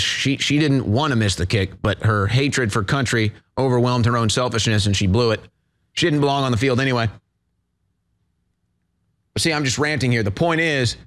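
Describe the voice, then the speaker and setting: A man hosting a commentary show, ranting and mocking as his voice rises in heated bursts. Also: fairly high pitch. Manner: ranting, mocking, rising to shouts. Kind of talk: political commentary rant.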